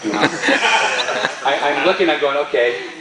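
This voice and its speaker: A man, a stunt performer, telling a story at a live Q&A in an animated way and laughing often. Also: fairly high pitch, slow, heavy background noise. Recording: roomy hall, distant mic.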